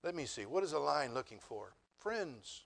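A man preaching a sermon as pastor, moving from quiet, joking asides to loud, emphatic declarations. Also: a little high, very animated, normal speed, vocal fry. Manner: humorous, conversational storytelling.

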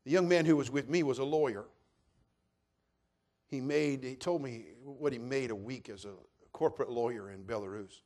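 A middle-aged male pastor delivering a sermon at an ordinary, mid-range pitch. He tells his story plainly, then swells into loud, emphatic preaching. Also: normal speed.

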